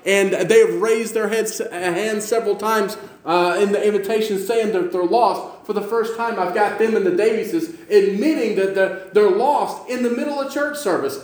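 High-voiced preacher with a Western New York accent. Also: male voice, darkish tone. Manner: jokey storytelling, stammering restarts. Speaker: pastor. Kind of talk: sermon. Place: church sanctuary. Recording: echoey church room.

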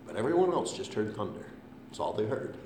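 A man preaching a sermon with impassioned delivery, swinging between hushed and loud. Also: on the low side, big pitch swings, a little fast. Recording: echoey room, faint hum.

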